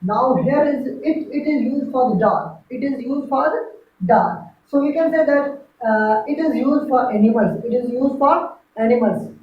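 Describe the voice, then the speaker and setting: A woman's voice: sits high, measured pace, slight background noise. A woman teaching grammar in a lecture, repeating each example and checking with "right?". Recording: echoey room from far, dull lo-fi.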